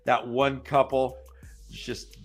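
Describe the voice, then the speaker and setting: A man talks in an easygoing, mid-pitched voice, recapping a story to friends with loose, joking asides. He slips into quick character impressions and doesn't mind a little profanity. Faint music plays underneath. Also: little pitch movement. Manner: loose retelling with crude jokes and playful voices for characters. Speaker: podcast host recapping chapters. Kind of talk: casual chat.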